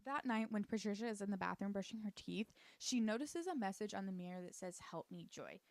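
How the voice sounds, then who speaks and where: A woman's voice: medium pitch, fast, no echo. Chatty sarcastic woman recapping a show. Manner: chatty, sarcastic, full of "like" asides. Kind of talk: casual commentary.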